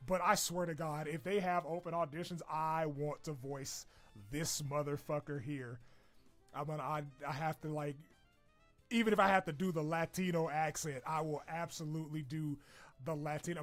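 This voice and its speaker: A man's voice: fairly high pitch, steady tone, normal speed. A young man chatting casually on a stream in a loose, profane, jokey way, breaking into laughter. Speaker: streamer reacting to a character wishlist. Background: video game music playing.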